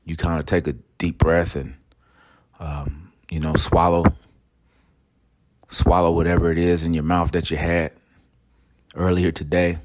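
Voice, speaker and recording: A man's voice: low-pitched, measured pace, pauses often. A man hosting a travel show, telling a story in a casual, slangy way and acting out the dialogue. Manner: animated, slangy, acts out dialogue.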